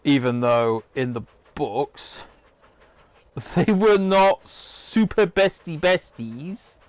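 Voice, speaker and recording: A man's voice: fairly high pitch, lively intonation, extremely slow, no echo. A man giving rambling, casual commentary while playing a game, swearing now and then. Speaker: gamer.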